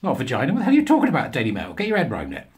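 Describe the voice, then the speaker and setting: A man reads out news articles and pokes fun at them, his asides sarcastic and scornful. His voice sits at an ordinary middle pitch for a man, and he laughs at his own jokes. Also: wildly swooping pitch, very fast, darkish tone. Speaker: commentator. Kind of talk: reading and mocking news articles.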